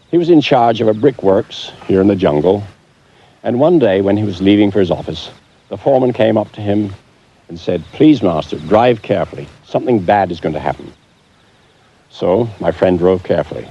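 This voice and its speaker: A man narrates a documentary in a measured, deliberate way. His voice sits very low, dark and husky. The old TV sound is dull and lo-fi. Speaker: documentary presenter.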